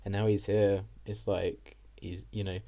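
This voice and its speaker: A man's voice: fairly low pitch, little pitch movement, measured pace, warm tone. A young man telling a casual story to camera, rambling with lots of fillers and swearing. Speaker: vlogger.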